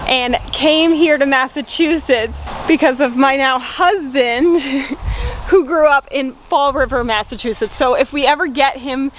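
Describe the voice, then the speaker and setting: A woman from Rhode Island gives a relaxed farm vlog, her voice high and her delivery slow and unhurried. She sounds cheerful and breaks into small laughs between sentences. A faint outdoor hiss sits behind her. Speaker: farm vlogger. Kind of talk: casual vlog chat.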